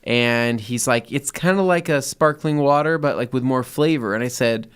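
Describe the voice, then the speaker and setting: A man's voice: mid-range voice, moderate pace, clear, resonant tone. A man co-hosting a casual podcast, telling a long rambling story with many restarts. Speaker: podcast co-host. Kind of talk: casual chat.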